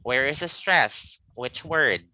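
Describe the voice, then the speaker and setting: A man teaching English pronunciation in a live online class, patiently repeating phrases slowly for his student. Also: medium pitch, animated, bright, forceful tone, no echo, low-quality recording.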